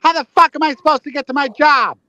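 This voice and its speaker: A man's voice: very high-pitched, measured pace, highs cut off. A man voicing a furious, swearing driver stuck in traffic as a comic impression during a livestream chat. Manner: ranting, profane, repeats a name.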